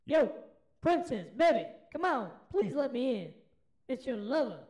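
A man's voice: very high-pitched, big pitch swings, a little slow, a little mellow, pitched above the performer's own voice, full character voice. A man voicing a smarmy male frog suitor in a comic retold fairy tale, all flirty sweet-talk. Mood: crooning. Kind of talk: comic storytelling with voices.

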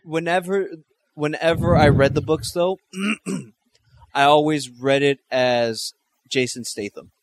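A man chatting on a podcast in an easygoing way. He talks haltingly, restarting and trailing off as he hunts for names. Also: a little high, no echo. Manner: hesitant, halting, laughs often. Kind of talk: casual chat.

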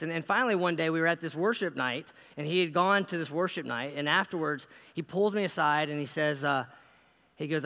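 Male pastor, slightly high, gravelly voice, earnest conversational sermon, heavy church reverb. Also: pushed and bright. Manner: conversational and earnest, frequent restarts. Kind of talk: sermon storytelling. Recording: long reverb of a large hall.

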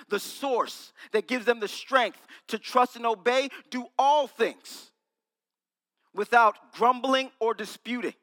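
Bright high-voiced preacher in a reverberant hall. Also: male voice. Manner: playful, quizzes and teases the congregation. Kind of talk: sermon. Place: small room with an audience.

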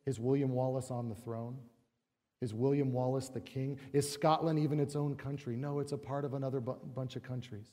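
With a mellow, mid-range voice, a middle-aged pastor delivers a conversational sermon in a church sanctuary. He leans on rhetorical questions and acts out quotes, all heard through long church reverb.

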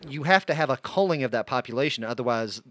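Casting: male co-host, even mid voice, dry wit and deadpan corrections, dry close recording. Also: medium pitch, fast, no echo. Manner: dry, wry quips and corrections. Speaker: podcast co-host. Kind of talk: casual banter.

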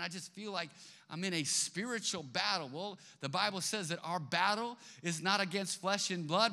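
A man preaching from a church stage, his voice high and strikingly bright. He tells his story in an animated way, acting out the voices he quotes, while a long reverb trails through the large hall. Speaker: pastor. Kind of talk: sermon. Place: church sanctuary.

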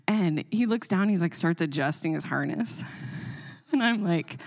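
A woman in her thirties telling a funny parenting story in casual chat, lively and expressive. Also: normal speed. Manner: animated storyteller, quotes herself with higher voice. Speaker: parent and co-host.

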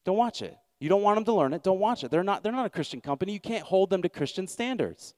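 A man's voice: sits high, animated, fast talker, few pauses, no echo. A man pastor preaching a sermon, emphatic and repeating his key lines, with wry asides.

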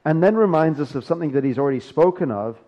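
A man's voice: fairly high pitch, expressive, quick pace, mellow, muffled recording. A male pastor preaching a sermon, talking casually and joking between his scripture readings.

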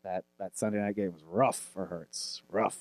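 A man's voice: deep voice, fairly even intonation, moderate pace, no room sound. Profane fantasy football co-host, man. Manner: rattles off player lists, crude and joking. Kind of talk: profane casual sports chat.

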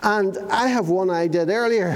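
High-voiced man in a hall. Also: normal speed. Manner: storytelling, asks the children questions. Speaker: children's talk leader. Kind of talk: children's talk in church. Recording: reverberant hall.

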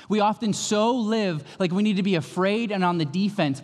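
A man preaching a sermon as pastor, in an emphatic, conversational way. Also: fairly high pitch. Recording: long hall reverb.

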